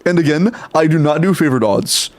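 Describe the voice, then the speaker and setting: A young man streaming live, casually chatting and greeting viewers in quick succession, swearing now and then. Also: on the high side, expressive. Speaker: streamer reviewing game accounts.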